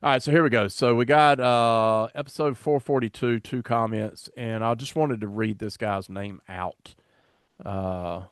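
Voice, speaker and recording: A podcast host chats casually, rambling and self-deprecating as he fumbles along. His medium-pitched voice is steady, unhurried, clear and resonant, recorded with clean studio sound and no room sound.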